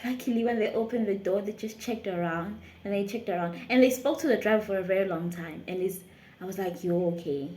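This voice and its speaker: A South African woman, a YouTuber, telling a lively storytime tale with frequent laughter. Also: mid-range voice, fairly quick, reverberant. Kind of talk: storytime vlog.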